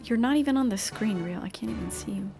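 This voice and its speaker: A woman's voice: medium pitch, fast, vocal fry, over music. A woman streaming a game, chatting casually and playfully, often correcting herself mid-sentence.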